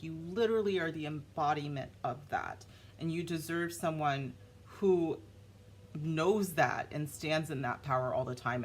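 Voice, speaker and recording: Animated woman doing a tarot reading. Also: low voice. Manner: animated, talks straight to the viewer. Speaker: tarot reader. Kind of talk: casual tarot reading to camera.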